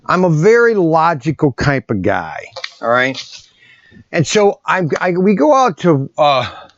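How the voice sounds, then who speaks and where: A man's voice: on the high side, big pitch swings, unhurried, dry recording, muffled recording. A man who owns a toy shop, chatting casually and rambling in a vlog while he packs orders. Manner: rambling, chatty, often restarts sentences. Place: indoor shop packing area. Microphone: separate mic system away from the camera.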